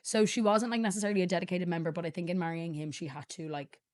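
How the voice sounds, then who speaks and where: A woman's voice: on the low side, fairly even intonation, rapid-fire, a crowd in the background. A young woman co-hosting a podcast in casual, swear-laden chat. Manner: chatty, swears freely, trails off mid-sentence. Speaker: podcast co-host.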